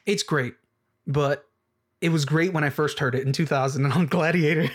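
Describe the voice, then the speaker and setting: A man giving excitable music reaction commentary, laughing often and repeating phrases for emphasis. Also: on the high side, normal speed, breathy edge. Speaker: video creator.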